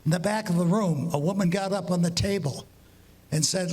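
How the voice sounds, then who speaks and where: Before a live crowd, a man who walks on to tell jokes delivers long story jokes in his high, husky voice with a darkish tone. He lays out each setup step by step, acts out the quoted dialogue, and slows down to stretch every punchline.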